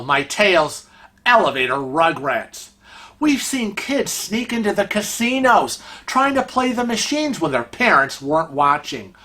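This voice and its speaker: A man's voice: fairly high pitch, sharp tone. A man hosting a vlog segment on cruise etiquette, calling out bad behavior in an indignant, emphatic way. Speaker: vlog host.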